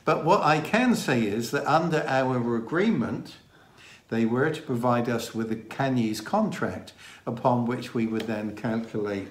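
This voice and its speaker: A man with a mild Dorset accent, co-hosting a casual chat in a measured, deliberate way. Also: mid-range voice. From England. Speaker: co-host. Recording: roomy echo.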